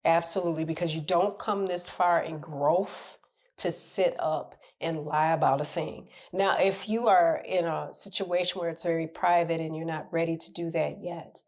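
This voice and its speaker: A middle-aged woman coach giving advice in a casual talk, her voice pitched a little low. She speaks candidly and with animation, often acting out the people she meets. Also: moderate pace. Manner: candid, animated, laughs and acts out quoted people. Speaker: relationship coach.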